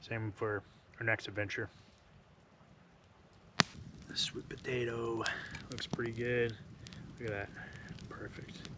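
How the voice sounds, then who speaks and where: Cooking by the fire at a forest campsite on a solo trip, a man with a medium-pitched, flat voice chats casually to the camera, taking it slowly, pausing often and occasionally murmuring softly. Outdoor sounds fill the background.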